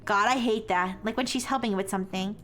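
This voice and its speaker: A woman's voice: medium pitch, brisk, a bit bright, faint music behind, lightly acted. A woman voicing gossiping teenage schoolgirls who complain in a catty, whiny way while reading game dialogue aloud. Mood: resentful.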